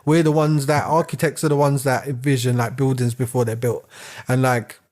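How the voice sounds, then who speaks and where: A man's voice: mid-range voice, little pitch movement, moderate pace, a little mellow. A man, co-hosting a casual podcast, rambling and laughing as he rants. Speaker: podcast co-host. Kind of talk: casual chat.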